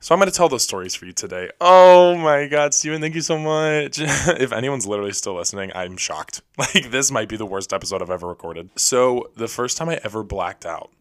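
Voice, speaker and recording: A young man hosting a podcast alone, telling stories in a rapid, rambling, self-deprecating way. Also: on the low side, lively intonation, fairly bright tone, dry recording, clean studio sound. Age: young adult. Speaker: podcast host. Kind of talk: casual solo storytelling. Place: recording alone.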